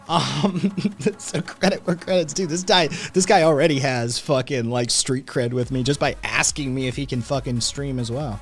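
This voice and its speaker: A man hosting his own show, chatting casually and profanely with his live audience in a rambling, animated way. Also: medium pitch, normal speed, hardly any pauses, soft background music. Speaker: podcast host. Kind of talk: casual livestream chat, reading chat.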